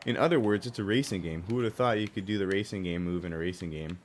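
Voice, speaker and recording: A young man streaming a racing game live, talking casually and profanely while he plays, with a hoarse, strained voice and sudden loud outbursts. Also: low-pitched, quick pace, slight background noise. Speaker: gaming streamer.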